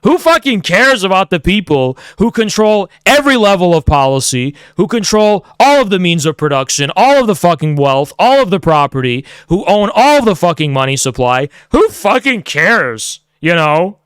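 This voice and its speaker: A man's voice: high voice, big pitch swings, normal speed, hardly any pauses, clean tone, no room sound, studio quality. A man streaming heated commentary, sarcastic and profane, mocking the people he talks about.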